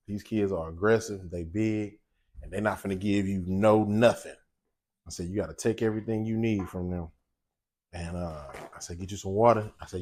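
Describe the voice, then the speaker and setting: Laid-back storytelling man, lower voice. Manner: animated, laughing, voices quoted people. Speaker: cooking show host. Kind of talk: casual storytelling.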